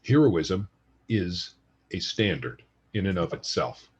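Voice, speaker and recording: A man's voice: deep voice, sing-song, slow, breathy edge, muffled recording. A man co-hosting a casual gaming podcast, giving blunt, dismissive opinions. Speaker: podcast co-host.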